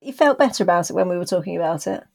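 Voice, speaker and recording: A woman co-hosting a podcast in casual chat, talking through a TV episode in thoughtful, drawn-out explanations with a dry, self-deprecating humor. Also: fairly low pitch, animated, creaky, a little mellow. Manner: thoughtful, explains her views at length. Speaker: podcast co-host.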